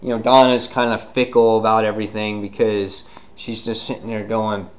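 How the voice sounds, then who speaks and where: A man giving a casual, rambling comic book review, full of fillers and retelling scenes with sudden loud outbursts. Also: fairly low pitch, moderate pace.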